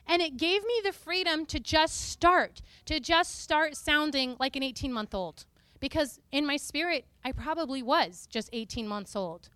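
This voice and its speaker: A woman preacher giving a lively, playful teaching talk to a congregation, often breaking into sung and spoken snippets. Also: high-pitched, unhurried, no room sound.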